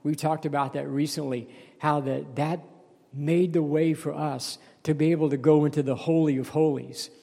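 A man's voice: fairly high pitch, steady tone, moderate pace, vocal fry, mellow, big-room sound. A man preaching a sermon, reading scripture aloud and then explaining it, with a few restarts and a call of "Amen?". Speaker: pastor.

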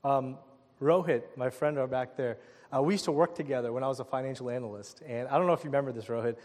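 A male pastor preaching a sermon, telling a personal story in an animated way and acting out the people in it. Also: medium pitch, quick pace, in a large hall. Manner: animated storytelling with laughs and quoted voices.

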